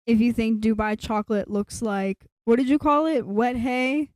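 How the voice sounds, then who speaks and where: A woman's voice: fairly high pitch, fairly even intonation, normal speed, a little mellow, no room sound. Teasing young woman on a podcast. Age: young adult. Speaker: podcast co-host. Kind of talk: casual chat.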